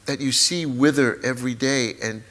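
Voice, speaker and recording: A man in his sixties, a memoir author, telling a personal story at a live talk event, halting, repetitive and openly emotional. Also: mid-range voice, a bit bright. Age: 60s.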